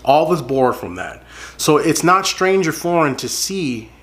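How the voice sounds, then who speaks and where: A man's voice: fairly high pitch, animated, unhurried, fairly bright tone. Earnest man repeating points for emphasis. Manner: earnest, repeats phrases for emphasis, addresses listeners as folks. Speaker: commentator addressing viewers. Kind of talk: casual spoken commentary to camera.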